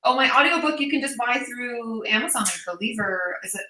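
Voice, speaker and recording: Chatty woman with a bright voice. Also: on the high side, animated, fairly quick, roomy sound, far from the mic, poor audio. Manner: chatty, laughs often, many "like" fillers. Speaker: host. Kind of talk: casual livestream chat. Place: dining room at home.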